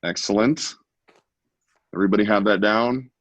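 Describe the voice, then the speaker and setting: A man's voice: lowish voice, normal speed, a bit bright, dry recording. A man hosting an online art class over a video call, giving playful, joking running commentary. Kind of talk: casual live-stream teaching.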